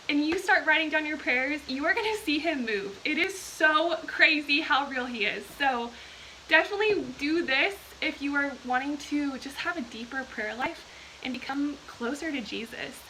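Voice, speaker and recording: High bright gushing young woman. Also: moderate pace, a little hiss or hum, rough recording. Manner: gushing, enthusiastic, reads viewer comments aloud. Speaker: host of a live video. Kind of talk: casual chat to live viewers.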